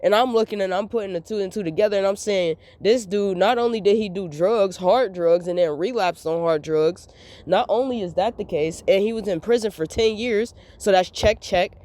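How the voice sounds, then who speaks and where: A woman's voice: medium pitch, moderate pace, dark tone. A young adult woman talking straight to her viewers in a candid monologue, venting emphatically and repeating her points. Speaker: vlogger.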